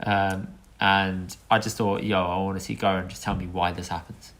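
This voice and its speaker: A man co-hosting a casual podcast, relaxed and quick to laugh, swearing in jest. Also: deep voice. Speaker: podcast co-host.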